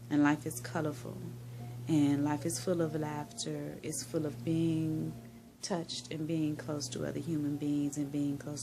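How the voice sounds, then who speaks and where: A woman from Tennessee, speaking in a soft, heartfelt personal monologue that drifts into whispers. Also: low voice, vocal fry, background noise. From Tennessee, USA. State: emotional, near tears. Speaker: vlogger.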